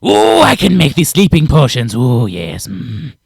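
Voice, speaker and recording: A man's voice: a little high, wildly swooping pitch, unhurried, creaky, slightly rough, no echo, clean studio sound, heavily acted. A man voicing a scatterbrained male lizard man prisoner who mumbles to himself and pleads eagerly. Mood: muttering.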